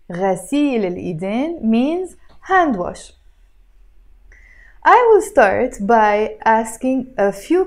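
Her pitch a little high and her tone darkish, a woman leads a spoken Arabic lesson while dealing with a cough. She switches between languages and pronounces each word with slow care.

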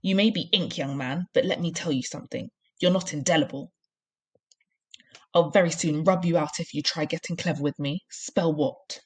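A woman's voice: deep voice, normal speed, husky. A woman reading aloud and voicing a huge, cruel headmistress who barks and snaps orders at children. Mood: scornful. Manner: barking, snapping commands. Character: huge bullying female headmistress, cruel and furious.

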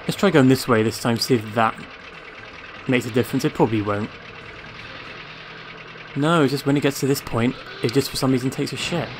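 A man's voice: mid-range voice, brisk, long pauses, noisy background. A man giving casual gameplay commentary, sarcastic, swearing freely and talking back to the game. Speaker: let's play gamer.

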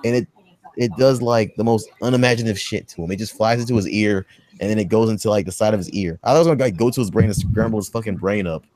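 A man hosting a podcast, recapping a movie in casual, profane, rambling chat and acting out quotes in a high voice. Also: fast talker, darkish tone. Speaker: podcast host.

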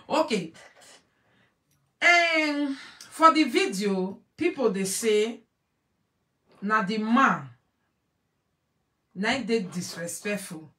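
A woman's voice: on the high side, lively intonation, takes it slowly, long pauses, sharp tone, far from the mic. A woman with a Nigerian Pidgin accent hosting an online show, commenting emphatically to her audience and repeating phrases as she switches between pidgin and English. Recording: echoey room, voice away from mic.

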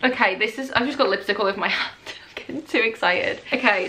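Excitable young woman gushing over books. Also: on the high side, fairly quick, few pauses, a little hiss or hum. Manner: excitable, gushing, laughs often. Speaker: book vlogger. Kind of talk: casual unboxing vlog. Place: indoors at home, rain outside.

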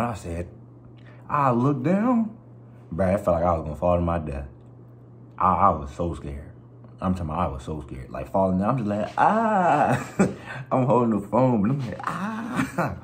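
A young man vlogging, telling a story in a slangy, expressive way and acting out other people's voices and sounds. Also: on the low side, a little hiss or hum. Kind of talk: animated storytelling.

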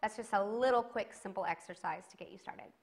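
A woman's voice: mid-range voice, brisk, vocal fry. A woman teaching a singing lesson to camera, giving encouraging instructions and demonstrating sung vowels between them.

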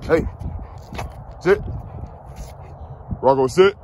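A man's voice: fairly high pitch, extremely slow, a little mellow. A man talking casually and coaxing his dog as he walks outside, in a laid-back vlog style. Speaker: vlogger, dog owner. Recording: noisy outdoor street sound.

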